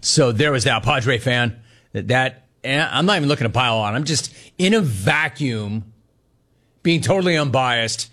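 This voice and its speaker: A man hosting sports talk radio, reading sponsor copy and riffing with animated, mocking commentary on a baseball blunder. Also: mid-range voice, normal speed.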